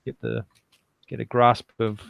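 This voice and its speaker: A man playing a tabletop game, thinking aloud in casual, halting speech. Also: medium pitch, level tone, creaky, no room sound, lo-fi sound. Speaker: player.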